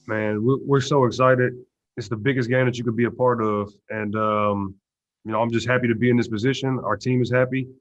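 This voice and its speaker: A football player answering press questions in a relaxed, low-key way, with lots of "you know" and "uh" fillers. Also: male voice, a little fast. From Texas. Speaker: pro football player at media day. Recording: dull lo-fi stream audio.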